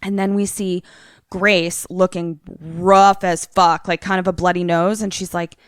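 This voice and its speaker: Chatty young woman with a smooth voice. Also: fairly low pitch, flat delivery, unhurried, no echo, studio quality. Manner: chatty, filler-heavy, lots of "like". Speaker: podcast co-host. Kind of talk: casual retelling of a trailer.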